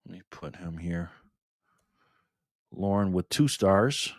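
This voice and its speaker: A man's voice: deep voice, animated, slow pace, dry recording, clean studio sound. A man hosting a casual live stream, greeting viewers by name and reading chat aloud in a friendly, chatty way while recovering from illness.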